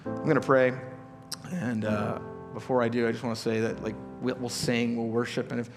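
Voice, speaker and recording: A man's voice: medium pitch, flat delivery, moderate pace. A male pastor giving a conversational sermon to his church, full of rhetorical questions and casual asides. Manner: casual, questioning, with many asides and repeated starts. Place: church auditorium. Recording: live church hall reverb with soft music.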